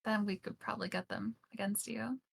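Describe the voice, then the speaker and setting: A woman's voice: mid-range voice, steady tone, brisk, vocal fry. A woman guesting on a live stream, chatting casually and teasing the host.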